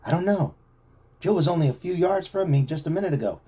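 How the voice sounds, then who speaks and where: A man's voice: fairly high pitch, lively intonation, quick pace, dark tone, husky, pitched above the performer's own voice. A man reading aloud, voicing a serious, level-headed teenage boy. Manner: serious, reasoning.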